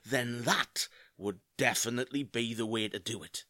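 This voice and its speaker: A man playing an excitable, scheming pub regular in a comedy audio play. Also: mid-range voice, moderate pace, dry recording, clean studio sound, natural voice. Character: scheming beer-loving British bloke, excitable.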